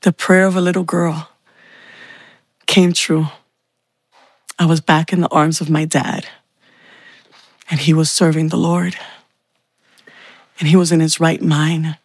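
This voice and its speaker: Slow, gravelly woman sharing testimony. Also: deep voice, flat delivery, no echo, studio quality. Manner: earnest, heartfelt storytelling. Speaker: testimony speaker. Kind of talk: personal faith testimony.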